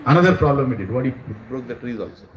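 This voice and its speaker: A man telling a devotional story to a gathering, animated and dramatizing, dropping in phrases of Hindi. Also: mid-range voice, racing. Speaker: spiritual storyteller. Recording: roomy hall, distant mic, faint noise.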